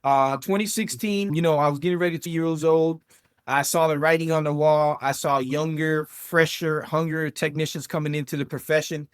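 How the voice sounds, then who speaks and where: A man in his thirties with a South Florida accent, a podcast guest telling his story in a lively, chatty way with many fillers. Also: a little high, moderate pace, clear, resonant tone, no echo, studio quality. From South Florida, USA. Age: 30s. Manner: animated storyteller, many fillers, addresses listeners as guys. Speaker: podcast guest, vet tech and entrepreneur. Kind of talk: casual interview chat.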